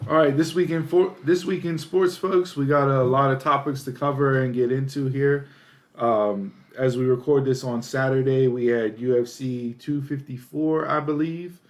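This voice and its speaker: A man in his thirties co-hosting a casual podcast, telling stories in an animated way that climbs in excitement at the punchlines. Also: mid-range voice, normal speed, faint music behind. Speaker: podcast co-host.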